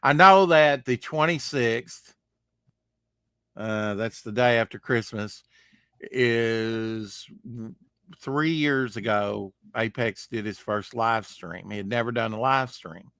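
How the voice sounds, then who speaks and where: A man's voice: mid-range voice, slow, sharp tone, smooth, dry recording. A man co-hosting a live stream show, chatting casually in a rambling, jokey way and trailing off mid-sentence.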